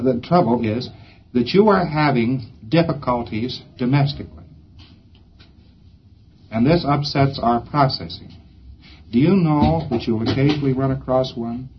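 A man's voice: medium pitch, highs cut off. A man giving a rambling, folksy lecture that slips into acted-out bits of dialogue. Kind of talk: recorded lecture.

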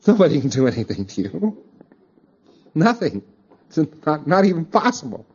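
A man giving a conversational recorded lecture, often turning to his listeners with quick asides. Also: on the high side, very animated, a little mellow, slightly rough, highs cut off. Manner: conversational, with frequent asides to the audience.

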